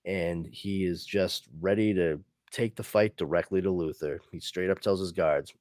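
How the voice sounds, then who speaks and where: A man's voice: low-pitched, steady tone, normal speed, hardly any pauses, darkish tone, no echo, clean studio sound. A man hosting a podcast, casually recapping a comic book story in a rambling way, full of fillers. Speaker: podcast host.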